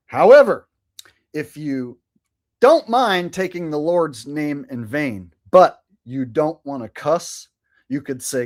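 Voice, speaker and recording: Mid-range and a little slow, the man's voice has lively intonation. On his live stream, he offers casual commentary, talking sarcastically to chat and wandering between subjects.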